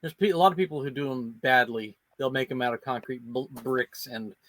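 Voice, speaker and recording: A man's voice: mid-range voice, fairly quick, a bit bright, a little hiss or hum, rough recording. A man co-hosting a casual podcast chat, joking around and explaining things plainly.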